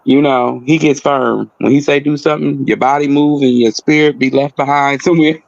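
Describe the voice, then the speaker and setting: A man telling a personal story in casual talk, animated, acting out the voices of the people in it. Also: mid-range voice, a little fast, creaky, no echo, lo-fi sound.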